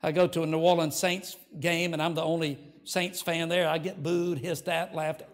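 A man's voice: a little high, little pitch movement, normal speed. Older male pastor giving an altar call. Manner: earnest, leads prayer, coaxing invitation. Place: church sanctuary.

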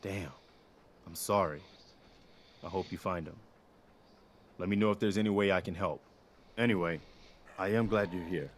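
An actor playing an earnest, dutiful male militia leader in a video game, speaking in a steady, sincere way. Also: sits low, normal speed, long pauses. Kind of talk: game character dialogue.

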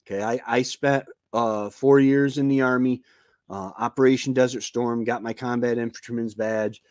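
This homestead show host, a man in his fifties, rambles through a casual livestream chat with plenty of fillers and restarts. He speaks at normal speed in a steady, mid-range voice with a darkish tone, recorded through a computer mic with no echo.

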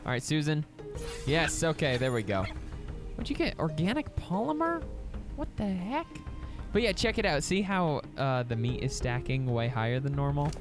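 A man commentating his own gameplay, excitable, chattering to his in-game pets and breaking into squeals and shouts of delight. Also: on the high side, normal speed, over music. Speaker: let's play gamer.

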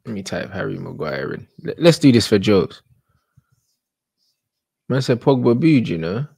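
A young man, giving live reaction commentary on football, slangy and shouting in disbelief. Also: on the low side, big pitch swings, moderate pace, creaky, husky, dry recording. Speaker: football watch-along streamer.

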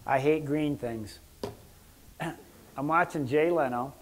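Joking man lecturing, a bit high-voiced. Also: takes it slowly, a little hiss or hum. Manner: joking, rambling, clears his throat often. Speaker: doctor giving a health lecture. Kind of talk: casual lecture with anecdotes.

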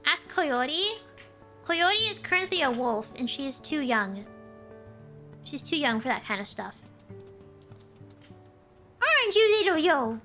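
A woman's voice: high-pitched, animated, measured pace, pauses often, sharp tone, soft background music. A woman streamer chatting animatedly while playing a game, telling stories as she goes. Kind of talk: casual gameplay chat.

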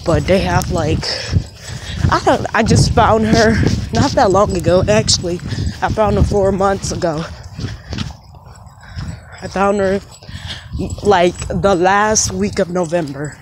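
A woman's voice: medium pitch, slow, long pauses, very noisy. A woman talking to a phone camera while walking outdoors on a cold residential street. She rambles sadly and keeps calling out to her dog. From Texas. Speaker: vlogger. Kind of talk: casual vlog, walking and talking.

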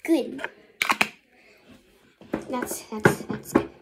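A woman's voice: on the high side, very slow, heavy background noise. A young female vlogger talking casually through her bedtime skincare routine, rambling and often half-whispering to herself. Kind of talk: casual get-ready-with-me vlog.

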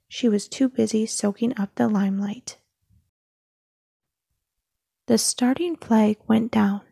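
A woman reading a children's story aloud in a soft, often whispered narration. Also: medium pitch, creaky, breathy edge, no echo, studio quality. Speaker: storybook reader.

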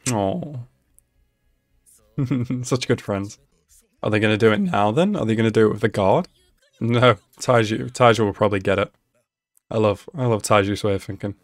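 A man hosting an anime reaction video, talking casually and excitedly at the screen, laughing often. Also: on the low side, moderate pace, long pauses, dry recording. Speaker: anime reaction channel host.

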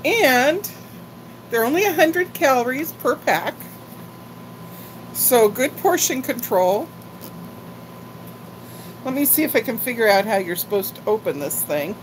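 A woman's voice: fairly high pitch, animated, unhurried, long pauses, slight background noise, rough recording. An older woman chatting casually and rambling on a live-stream haul video, talking like a grandmother. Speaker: vlogger.

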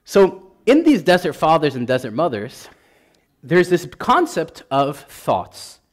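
Man, priest, sermon, impassioned, fairly high voice, lively swooping pitch. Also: slow. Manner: impassioned, builds to emphatic repetition.

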